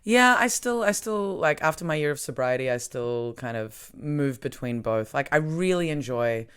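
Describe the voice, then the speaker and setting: A woman's voice: sits low, lively intonation, moderate pace, fairly bright tone, smooth. A woman co-hosting a comedy podcast, talking in a playful, chatty way full of fillers. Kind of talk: casual chat.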